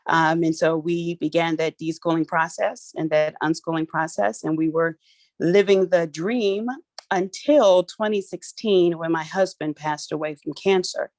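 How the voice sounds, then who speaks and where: A middle-aged woman from Philadelphia runs an online workshop as if it were a lively get-together, her fairly low voice playful and chatty, her phrasing loose and colloquial. She takes her time. Her audio comes through a phone on a video call, sounding dry and close with no room sound.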